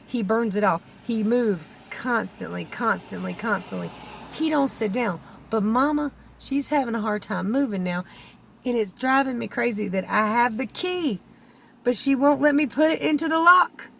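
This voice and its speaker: A woman's voice: fairly high pitch, normal speed, vocal fry, a bit bright, slight background noise. A woman, a keto vlogger pleading earnestly with viewers, close to tears. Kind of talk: emotional vlog talk to camera.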